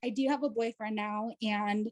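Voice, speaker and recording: An American woman, a guest on a video call, tells a personal story in a chatty way, sprinkling in plenty of "like" and "you know." Her voice sits at medium pitch with fairly even intonation, and she talks at a normal speed.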